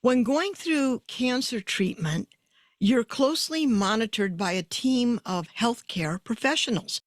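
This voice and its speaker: A woman's voice: on the high side, animated, a little slow, dry recording. A woman hosting an interview, asking curious, probing questions and shifting her pace as she talks. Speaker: interviewer host. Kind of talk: interview conversation.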